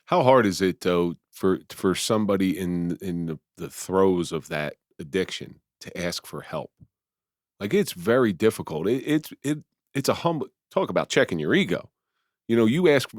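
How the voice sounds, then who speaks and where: A man hosts a podcast and asks his guest reflective, empathetic questions. His voice sits fairly low, and the sound is close and dry. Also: big pitch swings, moderate pace, no echo. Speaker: podcast host. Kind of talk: conversational interview questions.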